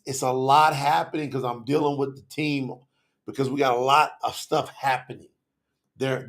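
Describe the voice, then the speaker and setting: A man hosting a live faith-community stream, talking passionately and excitably to viewers and calling out people by name. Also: mid-range voice, gravelly. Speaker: livestream host. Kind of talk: lively livestream talk to chat viewers.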